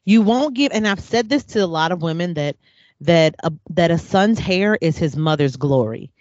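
A woman's voice: lowish voice, normal speed, no echo. A woman in a casual chat, telling stories with animation and acting out what people said. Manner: animated storyteller, acts out quotes. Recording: dull lo-fi dry sound.

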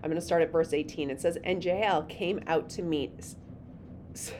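A woman co-host reading a Bible passage aloud and retelling it in a lively, dramatic way. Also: deep voice, moderate pace, background noise.

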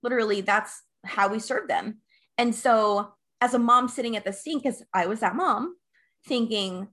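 Earnest, animated woman life coach. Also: on the high side, moderate pace. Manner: earnest, animated storyteller with frequent laughs. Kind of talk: casual podcast interview.

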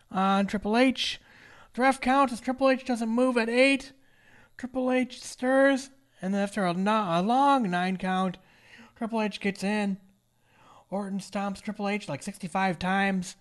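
A podcast co-host chatting casually and joking while narrating a wrestling match move by move. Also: mid-range voice. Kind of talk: casual podcast chat with play-by-play recap.

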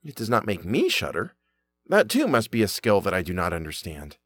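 A man's voice: deep voice, huge pitch swings, brisk, fairly bright tone, dry recording, soft background music, full character voice. A man voicing a simple-minded, fearless young lad with an earnest, stammering way of talking.

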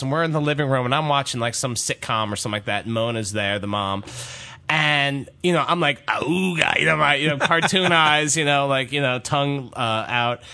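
A middle-aged man co-hosting a talk show, spinning a rambling comic story with a lively, bouncing delivery. His voice is bright and a touch high, and he keeps cracking himself up. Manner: jokey, self-deprecating, laughs often. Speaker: podcast co-host. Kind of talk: casual comedic storytelling.

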